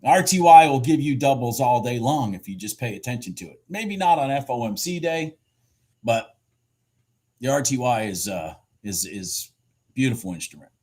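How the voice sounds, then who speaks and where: A man giving casual live commentary on his futures trades, excitable and swearing freely as he talks to himself and his viewers. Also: mid-range voice, moderate pace, breathy edge.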